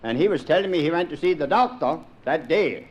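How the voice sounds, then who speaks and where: A man's voice: on the high side, animated, a little fast, a little mellow, muffled recording. A middle-aged man with a Pennsylvania Dutch accent telling a folksy stand-up monologue in dialect grammar, chuckling at his own jokes. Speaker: comedian.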